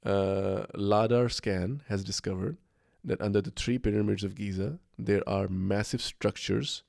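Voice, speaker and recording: A man's voice: lowish voice, steady tone, measured pace, gravelly, darkish tone, no room sound, studio quality. A man co-hosting a podcast, talking casually in a rambling, enthusiastic way with plenty of fillers and restarts. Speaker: podcast co-host. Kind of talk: casual conversation.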